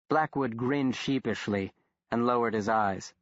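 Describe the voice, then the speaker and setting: A male narrator reads a horror novel in a measured, steady way at a middling pitch. The recording is dry with no room sound. It has a slightly dull, muffled quality. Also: dry recording. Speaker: audiobook narrator. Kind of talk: scripted narration.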